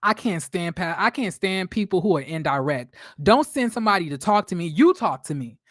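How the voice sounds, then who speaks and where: A man's voice: sits high, expressive, fairly quick, fairly bright tone, no echo, clean studio sound. A man giving casual, sassy, blunt commentary on a reality show, full of profanity and fillers. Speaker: reality TV recap vlogger.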